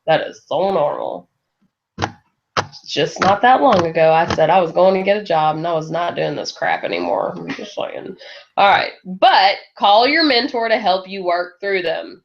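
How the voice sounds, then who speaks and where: A woman's voice: fairly low pitch, moderate pace. A woman giving a motivational talk to her sales team, laughing often and acting out the voices she quotes. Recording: dull lo-fi recording.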